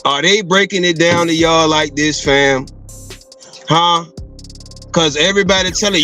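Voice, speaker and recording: Slangy, lively man with drawn-out hums. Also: fairly high pitch, soft background music. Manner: laughs often, slangy, drawn-out hums and emphatic repetition. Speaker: streamer reacting to a video. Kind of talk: casual live-stream commentary.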